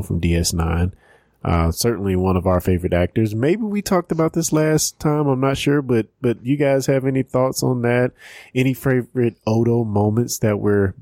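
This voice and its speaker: A man's voice: fairly low pitch, warm tone, dry recording, clean studio sound. A man hosting a fan podcast, upbeat and chatty as he introduces guests and reads plugs. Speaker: podcast host. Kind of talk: casual podcast chat.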